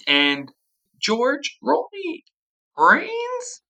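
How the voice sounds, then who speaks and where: A gravelly, bright-toned game master leads a tabletop game. The narration rambles loosely as it moves the scene along. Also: high-pitched, huge pitch swings, drawn-out words, rough recording.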